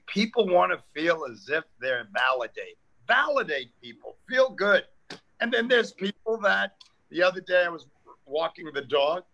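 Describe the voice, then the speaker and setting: An older man from New York chats as a guest, his voice bright and lifted a little above the usual male range. He slips in and out of quoted voices as he spins his tales. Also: a little high, vocal fry, poor audio. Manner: animated storyteller acting out quoted exchanges. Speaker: comedian guest. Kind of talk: casual storytelling chat.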